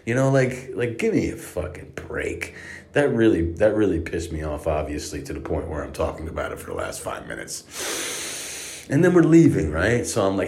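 A low-voiced man tells a profane comic story with lots of swearing. His delivery is exasperated and ranting, and his voice swings widely in pitch as he goes. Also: very animated, normal speed, darkish tone. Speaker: comedic storyteller.

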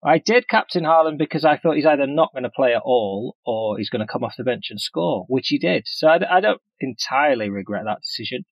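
He is a man co-hosting a casual chat, with a husky, slightly breathy voice that keeps a steady middle pitch. He speaks in dry, wry banter. The sound is close and dead, with no room around it. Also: brisk, hardly any pauses, no room sound, muffled recording. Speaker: podcast co-host. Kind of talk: casual chat about fantasy football.

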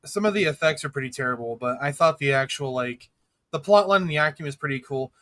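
A man's voice: a little high, animated, quick pace, bright, forceful tone. A man co-hosting a casual podcast, chatting and asking questions. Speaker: podcast co-host.

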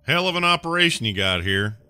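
A man playing a tabletop game and speaking in character in a gruff, laid-back way. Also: mid-range voice, sing-song, brisk, pushed and bright, dry recording. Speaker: player.

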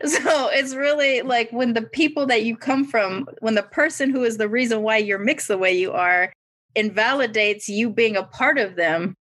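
A woman's voice: a little high, moderate pace, fairly bright tone, dry recording. A young woman, a guest on a podcast, talking frankly in casual conversation. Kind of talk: casual chat.

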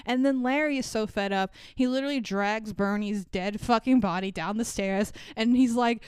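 A woman's voice: on the high side, lively intonation, unhurried, clear, resonant tone, no room sound. A young woman co-hosting a podcast, recapping a movie in sarcastic, profane casual chat with frequent laughter. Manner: sarcastic, swearing, laughs often. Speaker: podcast co-host.

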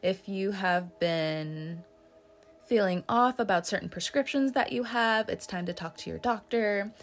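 A woman's voice: mid-range voice, a little slow, soft background music. A woman giving a casual tarot reading, chatty and joking, laughing often and swearing now and then. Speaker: tarot reader.

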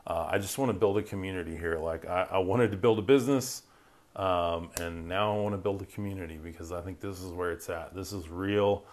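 A man's voice: sits low, fairly quick, a little mellow. A man hosting a Christian live stream, chatting casually and upbeat, reading viewer comments, his voice worn from talking. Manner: upbeat, rambling, reads viewer comments aloud. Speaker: Christian podcast host.

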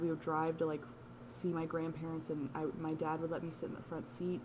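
Young woman doing her solo podcast, kinda low voice, rambles and cusses, pretty candid. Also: darkish tone, a little hiss or hum. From United States. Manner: candid, rambling, profane, self-mocking. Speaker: podcast host. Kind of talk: casual solo podcast monologue.

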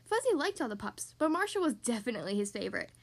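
A woman with a high, lively voice reading a picture book aloud to young kids. Her pitch rises and falls a lot as she tells the story, bright and expressive the whole way through. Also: fast talker. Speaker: podcast host reading to kids.

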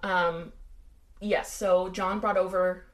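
A woman's voice: fairly low pitch, level tone, slow. Chatty American woman co-hosting a podcast. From United States. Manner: chatty, dry sarcastic asides. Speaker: podcast co-host. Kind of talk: casual true-crime chat.

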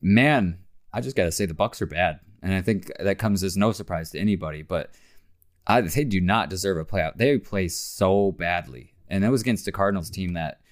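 Low-voiced man hosting a sports podcast. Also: normal speed. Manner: relaxed, many "um" fillers, chatty. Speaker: podcast host. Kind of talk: casual sports podcast chat.

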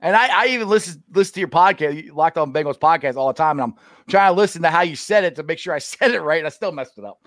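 A man's voice: a little high, animated, quick pace, a bit bright, no echo. Man, sports show host, casual interview, laughs often, self-deprecating, dry sound.

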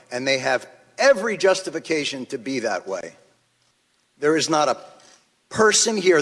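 A man delivers impassioned, angry testimony to a hearing, pressing each point with force. His voice sits a little high for a man. The long reverb of a large chamber trails behind his words. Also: a bit bright. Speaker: witness testifying at a congressional hearing.

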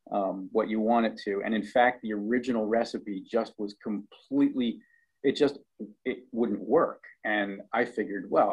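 A middle-aged man, a cookbook author, chatting as a guest in a relaxed interview, hesitant with lots of ums and restarts. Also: on the low side, husky, dull audio. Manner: hesitant, many ums and restarts, chuckling asides. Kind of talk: casual interview chat.

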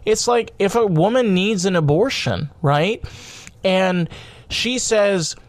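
A man with a somewhat high voice delivers a heated podcast monologue. He rambles, repeats himself and restarts his sentences, swearing freely as he pushes his point. The sound is close and dry, with no room echo. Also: animated, slow. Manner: grows loud and high-pitched when worked up. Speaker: podcast host.

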